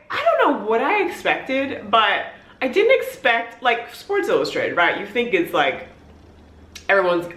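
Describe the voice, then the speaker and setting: A young woman vlogger telling an excited story in casual chat, peppering her talk with "like". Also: fairly high pitch, reverberant. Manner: gushing, excitable, heavy on "like". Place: hotel room.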